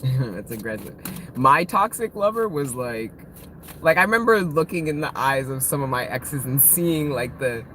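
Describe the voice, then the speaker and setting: A woman in her thirties reads tarot live for her viewers, laughing often and swearing freely. She talks with open emotion and a playful edge. A clear background hiss sits under her voice. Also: a bass voice, animated, normal speed, fairly bright tone. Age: 30s. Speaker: tarot reader. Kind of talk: casual live-stream tarot reading.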